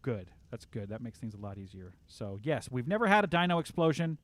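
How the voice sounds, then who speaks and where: A man's voice: medium pitch, big pitch swings, brisk, fairly bright tone, dry recording. Guy rambling away on a game livestream, lots of likes and ums, easygoing. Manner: chatty, rambling, fillers like "like" and "um". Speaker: game streamer. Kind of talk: casual live-stream chat.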